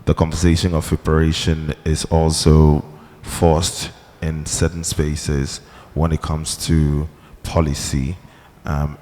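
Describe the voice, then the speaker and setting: A man's voice: rumbling low, dark tone. A man with a Ghanaian accent introducing himself on a panel in a large hall, laid-back and hesitant, with many fillers. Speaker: panelist, gallery creative director. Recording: long hall reverb.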